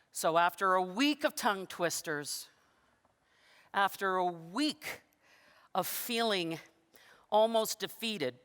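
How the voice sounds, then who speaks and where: Woman telling a keynote story. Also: fairly low pitch. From Canada. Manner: animated, self-deprecating, laughs between phrases. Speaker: keynote speaker. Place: large conference hall. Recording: long reverb of a big hall.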